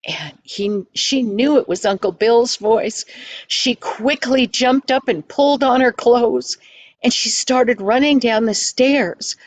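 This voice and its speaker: An older woman telling a children's story in a homely, gentle, folksy way. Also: on the high side, takes it slowly, no echo.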